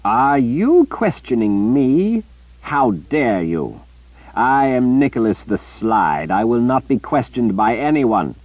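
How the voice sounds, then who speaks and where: A man's voice: deep voice, big pitch swings, measured pace, dry recording, muffled recording, heavily acted. A man reading an audiobook, voicing an arrogant, theatrical male sorcerer who drawls and dismisses others with scorn. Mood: haughty.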